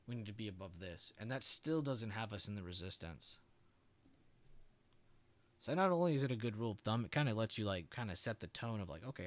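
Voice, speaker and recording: A young man hosting a live trading stream, chatting casually with viewers and walking them through charts. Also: fairly low pitch. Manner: relaxed, chatty, swears and laughs, answers viewers.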